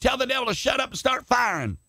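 An older man preaching a sermon with passion, rising to shouts and calling on listeners by name. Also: very high voice, very animated, fast talker, dry recording. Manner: impassioned, shouting climaxes, calls on congregation by name.

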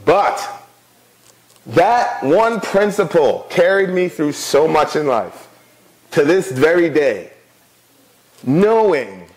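A middle-aged man delivers a sermon as pastor. His voice sits high, and he preaches in an easy, conversational manner, often turning to the congregation with quick asides. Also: rough recording.

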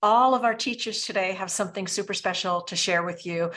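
A woman's voice: mid-range voice, brisk, a bit bright. A woman host introducing the next guest on a webinar in an upbeat, enthusiastic way.

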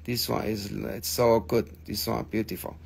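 Gravelly joking man selling gems live. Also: lowish voice, level tone, moderate pace. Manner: chatty, joking, swears, non-native phrasing. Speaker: live sale host. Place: gem shop studio.

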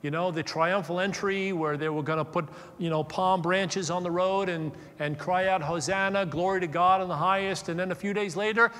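A man preaching a sermon, moving from loud, emphatic stresses to soft, hushed passages. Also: high voice, steady tone, in a large hall. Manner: slow deliberate stresses on key words. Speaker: pastor. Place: church.

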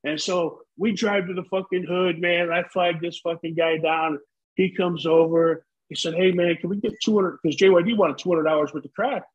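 Brief: man in his fifties, high and husky, curses freely on a dull lo-fi recording. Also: fairly even intonation, normal speed. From United States. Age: 50s. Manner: profane, rambling storyteller. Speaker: co-host, former pro wrestler. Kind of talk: casual chat.

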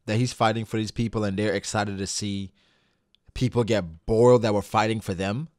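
A man hosting a reaction channel, giving excitable, profane live commentary that breaks into shouts. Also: fairly low pitch, moderate pace, no echo, clean studio sound. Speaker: anime reaction channel host.

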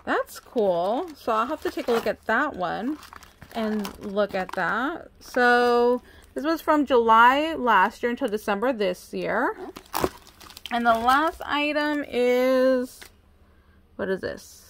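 A woman's voice: a little high, animated, takes it slowly, fairly bright tone, a little hiss or hum. Chatty woman cooing over craft finds. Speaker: craft vlogger. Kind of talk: casual unboxing chat.

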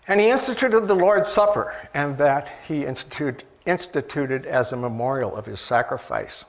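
A man preaching a sermon in a conversational way, asking the listeners questions and often pausing with fillers and restarts. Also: a little high, animated.

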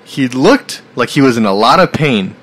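A man's voice: medium pitch, expressive, normal speed, a bit bright. A man hosting a podcast, chatting casually and reading news aloud, laughing often and swearing freely. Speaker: podcast host.

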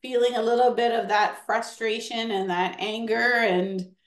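Encouraging woman host for a kids' workshop, high voice, roomy echo. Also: unhurried. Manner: encouraging, animated, counts kids in. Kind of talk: lively classroom-style teaching.

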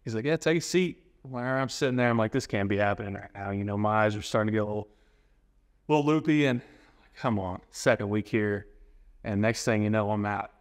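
A man's voice: lowish voice, a little fast. A man in his twenties, a training client, chatting casually as a guest in an interview. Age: 20s. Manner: easygoing, rambling, many fillers and restarts.

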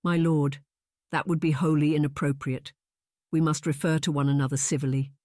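A man doing an earnest young woman in an audiobook, her lines lifted higher than the narrator's own voice and a little shaky. She addresses her superior with careful, deferential politeness. The sound is dry and close. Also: level tone, normal speed, a little mellow, dry recording, lightly acted. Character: young destitute woman, earnest governess trainee. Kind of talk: audiobook character voice.

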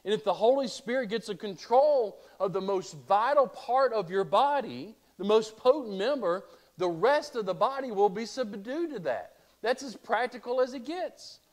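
A man's voice: sits high, expressive, moderate pace. A male pastor preaching a sermon, asking rhetorical questions and reading scripture aloud.

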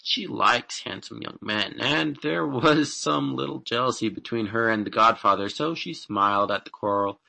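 A man narrating a fairy tale audiobook in an unhurried, expressive reading. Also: on the low side, gravelly. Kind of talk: scripted storybook narration.

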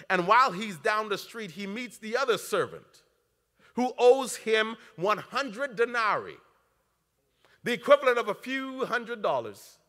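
A man preaching a sermon as pastor, his voice swinging between loud, pointed lines and hushed, intimate ones. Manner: preaching with dramatic swings in pitch and loudness. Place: church sanctuary. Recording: long church reverb.

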